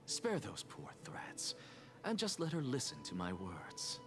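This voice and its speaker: A man's voice: mid-range voice, huge pitch swings, a little slow, over music. An actor playing a stern, aloof male teacher figure in a game, cold and lecturing. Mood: stern, cool. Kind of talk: video game voice acting.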